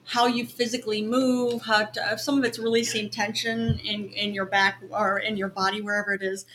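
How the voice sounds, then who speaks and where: A woman's voice: mid-range voice, little pitch movement, normal speed, fairly bright tone, a little hiss or hum, low-quality recording. A woman who is an acting student, co-hosting a podcast in casual chat, supportive and laughing often. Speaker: podcast co-host.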